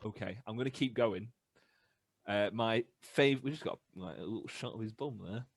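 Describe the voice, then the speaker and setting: A young British man in a band, casually telling animated stories on a podcast and acting out the voices. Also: lowish voice, normal speed, creaky, no echo. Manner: animated anecdotes with laughs and acted-out voices. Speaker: band member podcast host. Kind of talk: casual storytelling chat.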